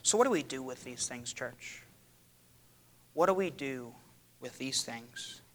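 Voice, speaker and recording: Bright-voiced man preaching a sermon. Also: medium pitch, big pitch swings, a little slow. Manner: dramatic, rising to loud cries when quoting. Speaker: pastor. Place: church.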